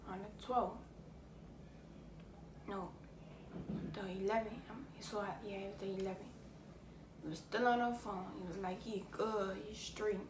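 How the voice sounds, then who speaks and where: Halting woman heard from across an echoey room. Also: medium pitch. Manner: halting, pausing to collect herself. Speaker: vlogger. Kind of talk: casual story time. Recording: distant mic in an echoey room with noticeable noise.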